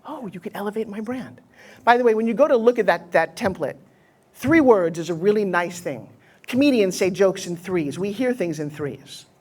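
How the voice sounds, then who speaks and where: A middle-aged American woman giving a live motivational seminar on pitching to an audience, blunt and punchy in delivery. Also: animated, normal speed, darkish tone. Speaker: motivational speaker teaching pitching.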